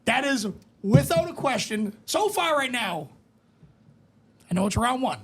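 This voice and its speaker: A young man co-hosting a podcast, chatting casually and gushing excitedly, swearing freely. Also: very high-pitched, a little slow, breathy edge. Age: young adult. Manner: excited, swears a lot, gushing about a movie. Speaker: podcast co-host. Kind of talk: casual chat.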